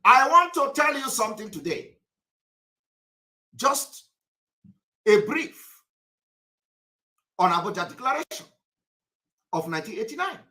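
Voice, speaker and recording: A man's voice: very high voice, big pitch swings, measured pace, pauses often, sharp tone. A man from Nigeria hosting a live online broadcast, talking straight to viewers in an emphatic, scolding way and repeating his points.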